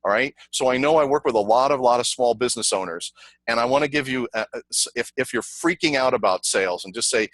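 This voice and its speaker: Man, middle-aged, sales trainer, video call webinar, energetic, dry sound. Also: medium pitch, fast, no room sound, rough recording. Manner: energetic, repetitive, conversational teaching with anecdotes. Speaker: sales trainer presenting to a networking group. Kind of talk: online webinar presentation.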